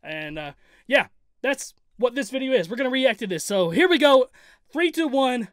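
A man's voice: very high-pitched, very animated, moderate pace, no echo, clean studio sound. A man hosting a reaction channel, commenting casually on a rap song with a laid-back, rambling manner and easy laughter.

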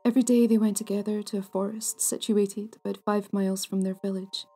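A woman hosting a folklore podcast, narrating a ghost story in a hushed, half-whispered, deliberate way. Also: medium pitch, fairly even intonation. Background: soft music.

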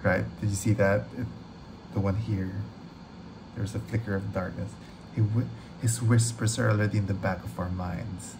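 A man hosting a trailer reaction video, gushing excitedly, rambling and swearing freely. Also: lowish voice, normal speed, creaky, background noise.

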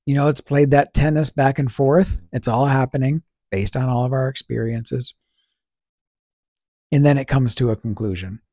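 Male podcast host, slightly raspy, casual reflective delivery, asks and answers his own questions. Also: medium pitch, fairly even intonation, normal speed, dark tone, no room sound, clean studio sound. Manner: asks rhetorical questions and answers them himself; conversational, fillers like "you know" and "right".

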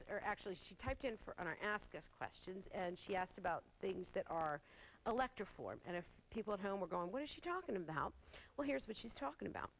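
A woman hosting a live TV shopping show, chatting warmly with callers and gushing over jewelry while laughing often. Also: mid-range voice, rough recording. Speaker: shopping channel host. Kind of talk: live TV sales presentation. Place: TV studio.

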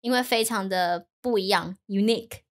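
A woman whose first language is Mandarin, a teacher co-hosting a casual podcast, telling stories lively and mixing in English. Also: mid-range voice, moderate pace. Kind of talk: casual bilingual chat.

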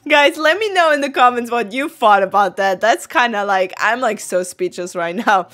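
Excitable woman narrating gameplay. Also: mid-range voice, normal speed. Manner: excitable, gasping, dramatic. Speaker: gaming YouTuber.

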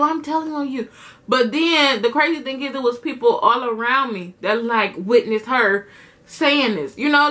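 A young woman with a bright, sharp, somewhat high voice tells a story straight to her viewers. She talks in quick, slangy bursts and acts out every line of the quarrel herself. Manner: animated, slangy, acts out the dialogue. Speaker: vlogger telling a story. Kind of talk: casual storytime chat.

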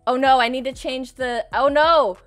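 High bright-voiced young woman gamer. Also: normal speed, faint music behind. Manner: excitable, screams and laughs often, swears. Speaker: gaming streamer. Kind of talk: casual gameplay commentary.

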